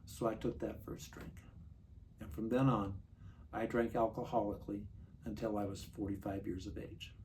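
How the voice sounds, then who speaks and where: A man in his sixties giving an earnest personal recovery testimony, confiding and slowing down for vivid details. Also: fairly low pitch, level tone, darkish tone. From Montana. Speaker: recovery speaker. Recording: distant mic, faint room noise.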